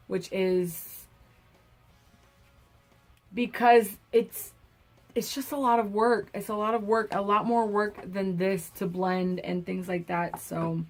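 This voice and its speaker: A woman talks through a makeup product review in a loose, chatty way. Her voice sits at a medium pitch. She stumbles and restarts often, and her quieter asides fade off as she finishes a thought. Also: steady tone, slow pace, long pauses, faint music behind. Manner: chatty, self-correcting, trails off softly. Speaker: beauty vlogger.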